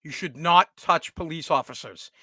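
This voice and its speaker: Man commentator, heated and profane, bright forceful voice, dry close sound. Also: on the high side, moderate pace, dry recording. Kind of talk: opinionated solo commentary.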